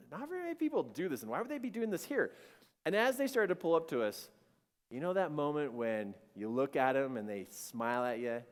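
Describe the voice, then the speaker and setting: A man giving an animated storytelling sermon to a live audience and acting out the voices in his story. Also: medium pitch. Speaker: speaker. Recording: long-reverb hall.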